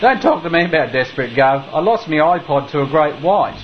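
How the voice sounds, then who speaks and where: An actor playing a washed-up, grumpy old Australian collector with an Australian accent, in a comedy radio play. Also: male voice, a little high, expressive, a little fast, a little hiss or hum, close to an everyday voice. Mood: grumbling. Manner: gruff and complaining. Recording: slightly muffled recording.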